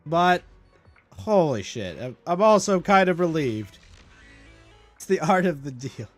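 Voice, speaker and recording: High, lively, swearing male streamer. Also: unhurried, soft background music. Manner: profane, exasperated and sarcastic. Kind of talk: casual live-stream rant.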